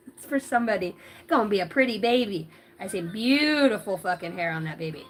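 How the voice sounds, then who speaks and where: A woman's voice: medium pitch, lively intonation, a little fast. A woman doing a casual livestream tarot reading, giggly and rambling, cussing freely. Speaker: tarot reader.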